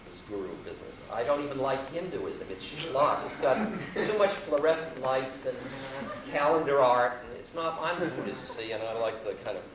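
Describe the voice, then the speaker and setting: A man's voice: medium pitch, expressive, normal speed, crowd noise. A man, telling a wry, self-mocking story to an audience at a university hall. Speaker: spiritual teacher. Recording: roomy live hall recording from far off, noisy.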